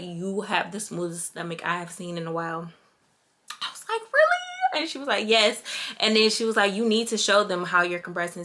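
Brief: young woman vlogger, candid and chatty Q&A, bright tone, mid pitch. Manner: chatty and candid, addresses viewers as "girl" and "y'all". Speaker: beauty vlogger. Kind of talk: casual Q&A vlog talk.

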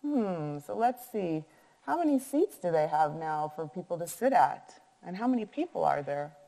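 A woman teacher reading a picture book aloud and pausing to count and ask math questions in an echoey room. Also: lowish voice, very animated, creaky, warm tone.

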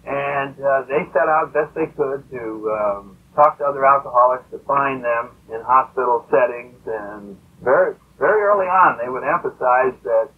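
A man's voice: medium pitch, normal speed, hardly any pauses, slightly rough. A man telling a story to a recovery meeting in a rambling, conversational way with many fillers. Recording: tinny lo-fi old tape.

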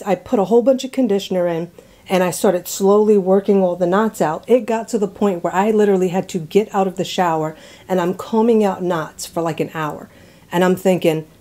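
A woman telling a personal story in a casual way. She laughs often and drops into hushed asides. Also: lowish voice.

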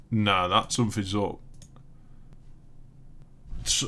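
A young man talks at an unhurried, drawn-out pace, puzzling aloud over his gear and half-laughing at himself. His voice sits at an ordinary middle pitch, with a faint hum of room noise around it. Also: bright, forceful tone. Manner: puzzled, muttering to himself, self-amused. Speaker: streamer. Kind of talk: live-stream chat, testing gear. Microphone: new desk microphone, being tested.

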